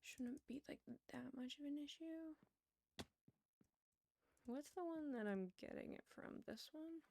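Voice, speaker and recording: A woman's voice: high-pitched, unhurried, gravelly, darkish tone, slight background noise. A young woman streamer telling stories in casual chat while gaming, laughing often and muttering to herself as she plays. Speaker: livestreamer.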